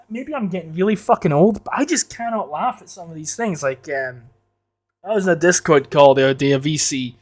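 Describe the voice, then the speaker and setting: Profane man ranting casually. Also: on the high side. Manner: rambling, profane, joking ranting. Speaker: podcast host. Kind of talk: casual solo podcast monologue.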